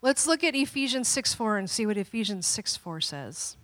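A woman pastor in her thirties telling a family story during a sermon, animated and dramatic, with playful asides. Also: on the high side, moderate pace, big-room sound.

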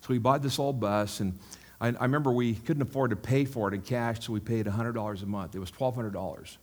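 A man's voice: medium pitch, quick pace, darkish tone. A male pastor giving a sermon in a church, chatty and self-mocking, with frequent asides to the congregation.

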